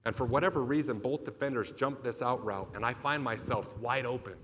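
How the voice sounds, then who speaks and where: Bright-voiced man telling a vivid story. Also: medium pitch, brisk, a little hiss or hum. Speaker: motivational speaker. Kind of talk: storytelling keynote speech. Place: event stage.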